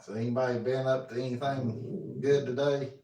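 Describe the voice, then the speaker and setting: A man's voice: mid-range voice, little pitch movement, normal speed, mellow. Guy chatting on a live stream from his kitchen, easygoing, echoey and a bit far off. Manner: folksy, reads viewer comments aloud, talks to his dog. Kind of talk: casual live-stream chat. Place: home kitchen. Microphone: phone. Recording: roomy, from a distance.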